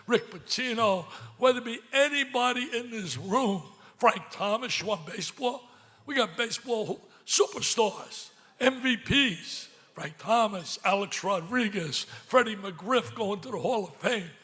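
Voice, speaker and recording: An older man giving an emotional gala speech, swinging from loud excitement to hushed pleading, at a podium microphone in a large banquet hall. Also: high-pitched. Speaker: speaker at a charity gala.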